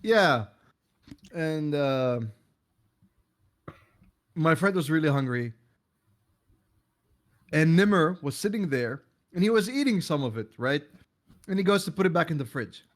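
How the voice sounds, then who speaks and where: Slow, rambling storyteller man. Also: a little high. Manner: rambling storyteller, animated, laughs often. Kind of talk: casual storytelling chat.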